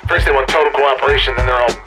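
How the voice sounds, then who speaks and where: A man's voice: medium pitch, fairly even intonation, very fast, music in the background, voice pushed up, close to an everyday voice, rough recording. A man voicing an irritated, crude female radio dispatcher with a snappy manner. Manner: snappy, exasperated.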